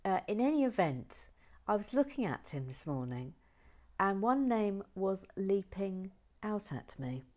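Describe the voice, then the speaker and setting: A woman hosting a relaxed building video, talking softly and often dropping to a whisper. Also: mid-range voice, unhurried. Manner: soft-spoken, often dropping to a whisper, chatty. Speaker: host of a toy building channel.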